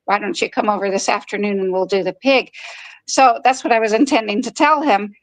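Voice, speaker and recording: A woman's voice: medium pitch, a little fast, no echo, rough recording. A woman in her fifties telling a personal story in a frank, conversational way. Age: 50s. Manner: frank and conversational, acting out quoted dialogue. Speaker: podcast host.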